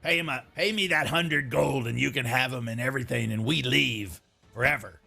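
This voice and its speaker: A man's voice: medium pitch, normal speed, creaky, bright, forceful tone, soft background music. A man voicing a greedy, scheming goblin boss who sneers, demands payment and threatens, in a tabletop game. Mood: demanding.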